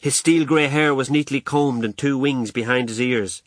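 A man reading a first-person novel aloud, telling it in a wry, lively, colloquial way. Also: medium pitch, moderate pace, dry recording. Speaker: audiobook narrator.

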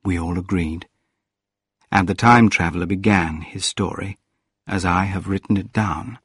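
Male audiobook narrator, deep and breathy, measured delivery. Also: no echo, studio quality. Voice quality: calm, measured reading. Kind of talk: scripted narration.

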